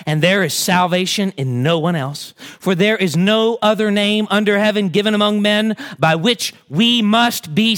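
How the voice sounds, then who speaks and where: A man preaching a sermon as pastor, swinging between slow hushed verse readings and fervent, rising appeals. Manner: builds to fervent, high-pitched emphasis; drops to slow, hushed tones on key verses.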